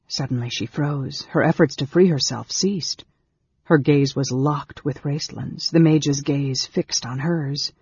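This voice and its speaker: A man reading a fantasy novel aloud as an audiobook narrator, in a measured, dramatic way. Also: on the high side, darkish tone, slightly rough, no room sound. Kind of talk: scripted narration. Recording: dull lo-fi recording.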